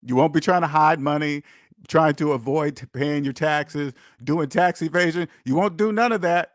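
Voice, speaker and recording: A man delivers a preachy personal finance monologue straight to his viewers, leaning hard on repetition for emphasis. His voice sits a little high for a man. The recording is dry and close, with no room sound. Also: normal speed, dry recording. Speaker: personal finance channel host. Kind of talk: preachy direct-to-camera monologue.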